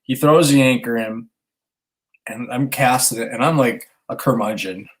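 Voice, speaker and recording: A man's voice: mid-range voice, moderate pace. A man in his thirties co-hosting a podcast, telling a story animatedly, acting out dialogue and swearing casually. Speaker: podcast co-host, stay-at-home dad.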